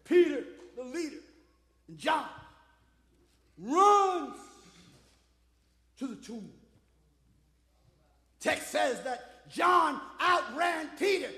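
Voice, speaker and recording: Man, preacher, sermon, very high voice, gravelly edge, shouts and sings his phrases, church hall reverb. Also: lively intonation, extremely slow, long pauses. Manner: whooping, shouted preaching with sung cadences. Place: church sanctuary. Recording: echoey church hall, roomy long reverb.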